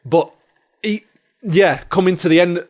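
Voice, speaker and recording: A man recounts a wild story in casual chat. His voice sits a little high, and he talks with animated bursts, swearing freely and acting out the other people in the story. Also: unhurried. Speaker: musician and ritual artist, podcast guest.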